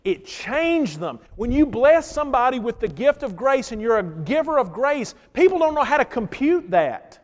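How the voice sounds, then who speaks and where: High-voiced preacher in a reverberant church. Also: male voice, very animated, normal speed, few pauses. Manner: storytelling with dynamic swings from loud to hushed. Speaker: pastor. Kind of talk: sermon.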